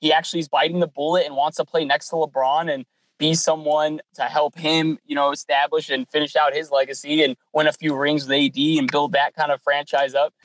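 A man with a fairly high voice chats on a sports podcast, retelling what happened with lively energy. He acts out every exchange as he goes. The sound is dry and close, with no room around it. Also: brisk, dry recording, low-quality recording. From California. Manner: animated storyteller, acts out dialogue. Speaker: podcast co-host. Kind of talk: casual sports podcast chat.

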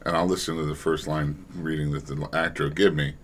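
A man who directs voice actors, talking reflectively in a relaxed panel discussion and often restarting his sentences. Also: extremely low pitch, fairly quick. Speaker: audio drama director.

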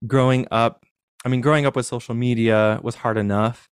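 A man's voice: medium pitch, steady tone, normal speed, smooth, no echo, clean studio sound. A young man as an interview guest, telling his own story in a candid, self-deprecating, reflective way. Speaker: podcast guest.

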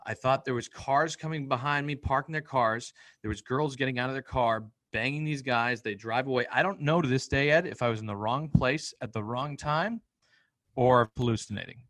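A man from Boston, a podcast guest, telling a personal story in a blunt, profane, animated way and acting out what people said. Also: mid-range voice, normal speed, dry recording. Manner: blunt, profane, animated retelling with acted-out quotes.

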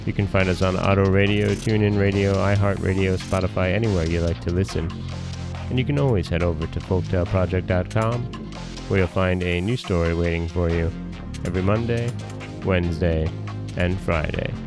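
A man hosting a podcast and reading a folktale in a calm, measured storytelling manner. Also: sits low, music in the background.

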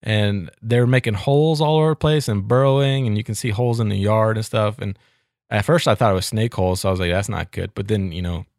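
A man's voice: lowish voice, fairly quick, a little mellow, no echo, studio quality. A man, co-hosting a podcast in a chatty way and laughing easily. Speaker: podcast co-host. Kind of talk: casual chat.

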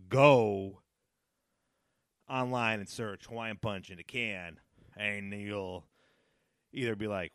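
Rambling low-voiced man, lively swings. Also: dry recording, studio quality. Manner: rambling, nostalgic, with sudden high-pitched outbursts. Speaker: podcast host. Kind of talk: casual solo podcast monologue.

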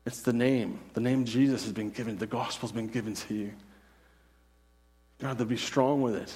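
A man preaches with earnest insistence, circling back on phrases and checking in with "right?" His voice sits at an ordinary middle pitch. A long reverb trails each word through the sanctuary. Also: fairly even intonation, brisk, a little mellow, husky. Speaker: pastor. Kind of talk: sermon.

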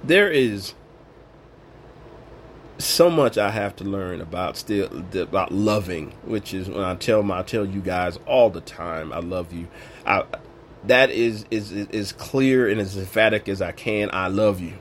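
A man's voice: lowish voice, a little slow, slight background noise. A man giving an informal sermon, preaching in an emphatic, colloquial way. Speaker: Bible teacher.

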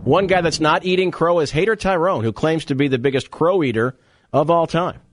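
A man's voice: on the high side, background noise. Upbeat male sports radio host. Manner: upbeat, quick interjections.

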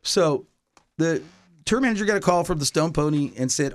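A man's voice: fairly high pitch, expressive, moderate pace, no echo, clean studio sound. A middle-aged man, a touring musician, telling a long story in casual chat, rambling with lots of fillers and restarts.

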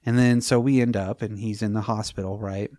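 A man's voice: on the low side, steady tone, brisk, mellow, no echo, studio quality. A man casually recapping a film scene by scene, swearing freely and laughing as he retells it. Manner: crude, laughing storyteller who acts out scenes.

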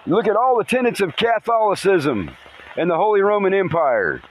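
Excitable high-voiced man outdoors in rain. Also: normal speed, slight background noise, poor audio. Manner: excitable, rambling, swears casually. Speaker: podcast host. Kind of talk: casual monologue podcast. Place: outdoors in a rainstorm by a river. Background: faint rain and river ambience.

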